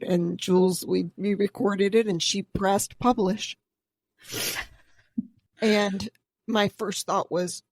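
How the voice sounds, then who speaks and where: A woman's voice: medium pitch, fairly even intonation, slow pace, long pauses, a little mellow, dry recording. A middle-aged woman co-hosting a podcast, talking openly and with emotion, close to tears. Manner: open, vulnerable and tearful. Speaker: podcast co-host. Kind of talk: emotional casual conversation.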